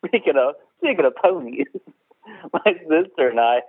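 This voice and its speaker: A man's voice: a little high, very animated, normal speed, husky, no room sound. A man hosting a podcast in casual chat, swearing freely, laughing often and acting out quotes. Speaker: podcast host. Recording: tinny phone-like sound.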